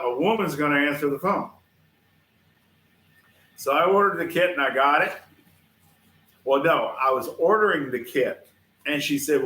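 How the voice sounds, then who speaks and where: A man's voice: medium pitch, moderate pace, a bit bright, roomy sound. A man, hosting a casual livestream show and telling rambling stories straight to his viewers in a chatty, folksy way. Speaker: host of a livestream shop show. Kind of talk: casual rambling storytelling to chat. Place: workshop.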